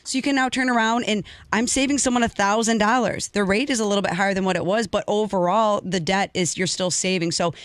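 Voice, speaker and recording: A woman's voice: medium pitch, fast talker, hardly any pauses, fairly bright tone, dry recording. A woman co-hosting a business radio show, emphatic and persuasive, often tagging "right?". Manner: emphatic, keeps asking "right?". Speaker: co-host, mortgage expert.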